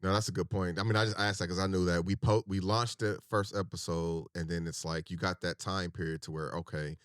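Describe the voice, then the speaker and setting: Male co-host, very deep voice, dry sound, musing and a bit halting. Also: steady tone, fairly bright tone, clear, resonant tone, no room sound. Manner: thinking aloud, hesitant questions. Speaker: podcast co-host. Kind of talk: casual chat.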